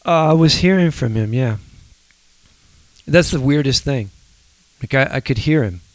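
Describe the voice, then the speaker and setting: A man co-hosting a faith podcast, speaking in a soft, reflective, halting way. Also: mid-range voice, animated, no echo. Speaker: podcast co-host.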